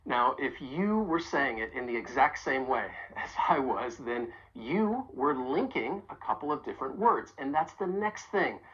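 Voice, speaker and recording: A woman teaching a pronunciation lesson, speaking clearly and deliberately and stressing sounds for learners to repeat. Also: extremely low pitch, animated, highs cut off. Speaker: accent coach.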